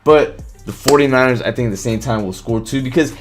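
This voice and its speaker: Animated man talking football on stream. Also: mid-range voice, a little fast, soft background music. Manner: animated, swears, reads chat comments aloud. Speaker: live stream host. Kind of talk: casual sports talk on a live stream.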